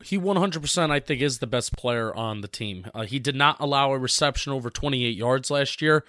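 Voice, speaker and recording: A young man co-hosting a casual sports talk show, leading segments in a measured way. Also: medium pitch, pushed and bright. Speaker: podcast co-host.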